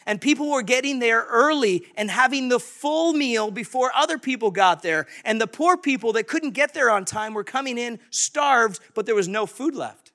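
A man preaching a sermon as pastor, animated and conversational, acting out quoted voices. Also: extremely high pitch, moderate pace, few pauses.

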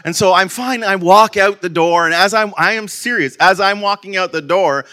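A man's voice: high-pitched, normal speed, pushed and bright, smooth. A man casually telling a personal story to his viewers, rambling with lots of restarts and stock fillers. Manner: rambling, repeats "okay, in there" and "and whatnot"; self-deprecating humour, restarts and stammers. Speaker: vlogger.

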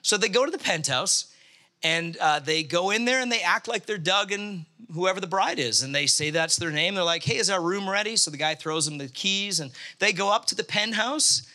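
A man preaches a storytelling sermon in a fairly high, very bright, forceful voice at a moderate pace. He stays animated the whole way through, performing the voices of the characters in his story.

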